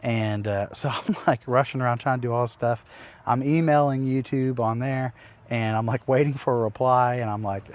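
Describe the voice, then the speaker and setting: A man, possibly in his thirties, tells a personal story straight to the camera as a homestead vlogger. He rambles with many restarts and fillers, exasperated as he recounts what happened. His pitch sits in an ordinary middle range. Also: normal speed. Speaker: homesteading YouTuber.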